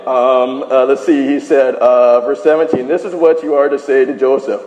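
A man's voice: medium pitch, moderate pace. Preaching man in an echoey hall. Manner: animated storytelling, drops to a hush for quoted lines. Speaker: pastor. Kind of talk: sermon.

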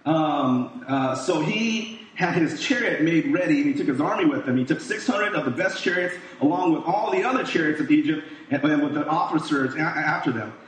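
A man's voice: a little high, expressive, moderate pace, hardly any pauses. A man giving a casual sermon, reading scripture and retelling it in his own words to his listeners. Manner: casual, talks to listeners, acts out quoted voices. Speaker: pastor. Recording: echoey room, voice from far off.

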